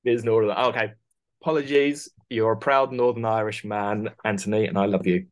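Male interview guest, low-pitched, rambling and chatty. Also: steady tone, fairly quick. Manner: rambling, many restarts, laughs through stories. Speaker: costume designer, guest. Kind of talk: casual interview chat.

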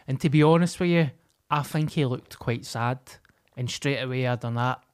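A man's voice: medium pitch, moderate pace, clean tone. A Scottish man telling stories in candid, sweary casual chat as a podcast co-host.

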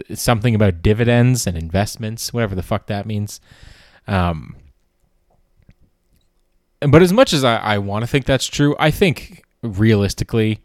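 A man's voice: lowish voice, lively intonation, normal speed, no room sound, studio quality. A man hosting a podcast in a casual comedic monologue, rambling and sardonic and swearing freely. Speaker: podcast host.

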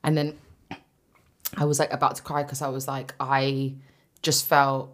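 A young woman co-hosting a podcast, telling an animated story in casual chat and swearing freely. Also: extremely low pitch, a little slow. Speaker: podcast co-host.

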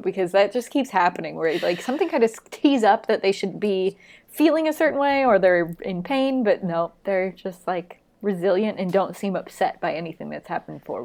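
A woman discussing a film in relaxed conversation, picking apart its storytelling. She thinks aloud in reflective asides. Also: medium pitch. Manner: analytical, reflective, speaks in thoughtful asides. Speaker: podcast co-host.

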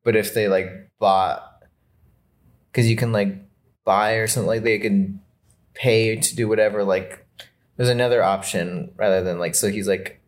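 A young podcast co-host chatting casually, rambling with many fillers and loudly acting out the people in stories, recorded in a small room. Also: deep voice, fairly even intonation, moderate pace, long pauses. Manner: rambling, heavy use of "like", acts out quoted people loudly. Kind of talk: casual chat.

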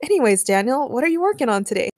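Woman reading a scoffing young guy, casual, skeptical, highish voice. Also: sing-song, very fast, a little mellow, no room sound, clean studio sound.

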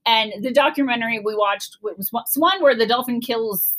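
Telling family stories to her daughter, this middle-aged Cleveland, Ohio woman speaks at a normal speed in a fairly high-pitched voice. The chat is casual and animated, full of laughter, and she acts out her own panic.

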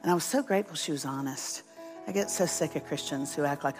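A woman's voice: deep voice, fast talker, music in the background. A woman preaching as a guest speaker, telling a story with humor, poking fun at herself and acting out what people said. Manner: humorous, self-deprecating storyteller who acts out quotes. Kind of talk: storytelling sermon.

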